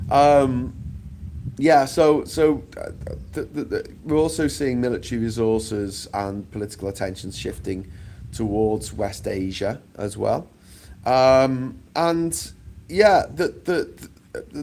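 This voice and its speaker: A man's voice: medium pitch, gravelly, a little mellow. A British man vlogging outdoors on a sunny island, giving a blunt, profane, sarcastic opinion rant.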